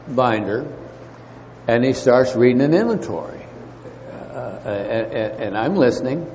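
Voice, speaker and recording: A man telling his recovery story at a meeting, halting, with many fillers and restarts. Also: medium pitch, darkish tone. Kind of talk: storytelling talk. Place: meeting hall. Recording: faint noise, long hall reverb.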